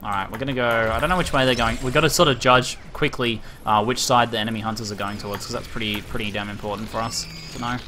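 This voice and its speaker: An Australian man giving live gameplay commentary, excitable and quick to laugh and swear. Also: mid-range voice, a little hiss or hum. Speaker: streamer.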